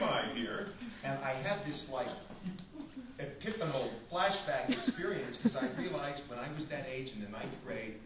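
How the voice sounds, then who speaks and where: A male stage actor answering interview questions with animated storytelling, acting out quotes and often restarting his sentences. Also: medium pitch. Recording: echoey room, distant mic, noisy.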